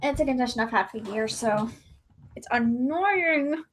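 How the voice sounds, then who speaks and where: A woman's voice: on the high side, animated, a little slow. A young woman chatting casually on her livestream, rambling and often breaking off to restart her sentences. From Ireland.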